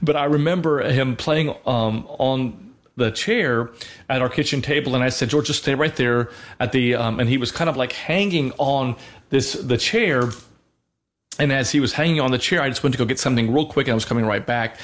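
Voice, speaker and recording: A man's voice: mid-range voice, moderate pace. A man, a father, co-hosting a Christian show, talking earnestly in a conversational way with frequent fillers and restarts. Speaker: co-host of a Christian radio show. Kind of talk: conversational faith talk.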